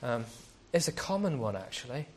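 A man's voice: medium pitch, sing-song, normal speed. A man preaching a sermon as a pastor, speaking conversationally and often asking rhetorical questions.

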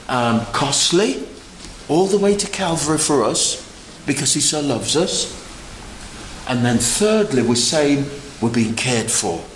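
A man preaching a lively sermon, asking the congregation questions and joking with them. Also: medium pitch, echoey room, slight background noise, rough recording. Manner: animated, asks the congregation questions, jokes. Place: church.

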